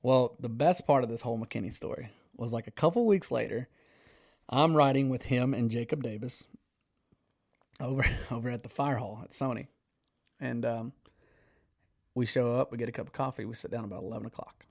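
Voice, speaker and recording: Animated, cussing Texan storyteller man. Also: medium pitch, brisk, vocal fry, long pauses. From Texas. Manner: animated, swears freely, acts out quoted dialogue. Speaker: songwriter guest. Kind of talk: casual podcast storytelling.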